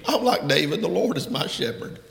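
Male preacher, gravelly and a touch high, fervent sermon delivery, long church reverb. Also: very animated, fairly quick. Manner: fervent, rising to loud emphatic peaks. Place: church sanctuary. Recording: echoey hall from far off.

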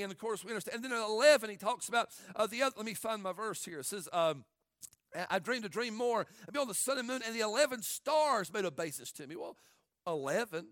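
A man preaching a sermon in an animated way, acting out the people in his story in different voices. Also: high voice, fast talker, no echo, clean studio sound. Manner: animated, acts out quotes in varied voices. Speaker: pastor.

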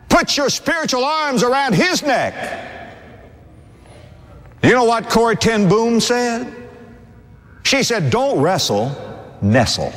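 A middle-aged male pastor preaching a sermon, telling stories and swooping from high to low as he speaks. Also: fairly bright tone. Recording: long hall reverb.

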